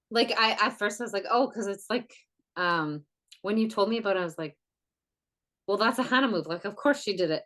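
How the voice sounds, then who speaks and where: Woman cohost, gushy and warm, says like a ton, mid voice. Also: mid-range voice. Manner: warm, effusive, lots of "like". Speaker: podcast co-host. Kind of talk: casual chat.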